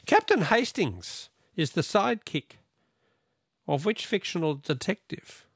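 A man hosting a radio quiz, joking with callers and reading out messages briskly. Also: sits high, sing-song, husky, no room sound, clean studio sound. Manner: jovial, bantering, reads messages briskly. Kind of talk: casual radio banter.

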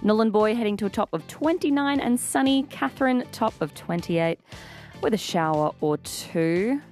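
Playful Australian woman on breakfast radio. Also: medium pitch. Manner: chatty and playful, with lively laughs. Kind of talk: casual radio chat. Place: radio studio. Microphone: studio microphone.

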